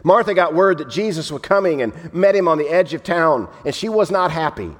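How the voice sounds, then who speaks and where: A male pastor delivers a conversational sermon, animated and prone to repeating himself. His voice sits a little high. The sound carries a long reverb from a large church hall. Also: fairly quick. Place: church hall with in-room and online audience.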